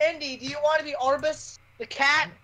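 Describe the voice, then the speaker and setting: A woman playing along in a let's play, voicing characters in a teasing, low-key way. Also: fairly even intonation, fairly quick, bright, forceful tone. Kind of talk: let's play voice acting with friends.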